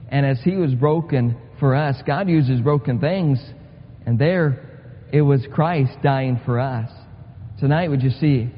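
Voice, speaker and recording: A man's voice: mid-range voice, a little hiss or hum. A man preaching a sermon in a church, earnest and repetitive, pressing his points with rising urgency. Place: church sanctuary. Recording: muffled sound with long hall reverb.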